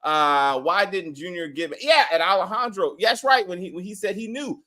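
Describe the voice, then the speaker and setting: A man co-hosting a casual TV episode review, profane and animated, acting out characters as he complains. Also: high voice, brisk. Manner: animated, profane, mimics characters mid-rant. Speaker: show co-host reviewing a TV episode.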